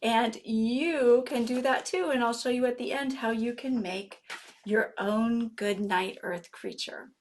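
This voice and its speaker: A woman librarian reading a picture book aloud at children's story time, playful and animated, gasping and asking the children questions. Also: fairly high pitch, measured pace, slight background noise. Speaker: guest librarian.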